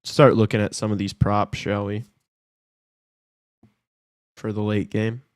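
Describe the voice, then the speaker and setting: A man's voice: on the low side, measured pace, clean tone, dry recording, studio quality. Casual man chatting over a hockey game. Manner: loose banter with sudden excited outbursts. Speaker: podcast co-host. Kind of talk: casual live game-watch chat.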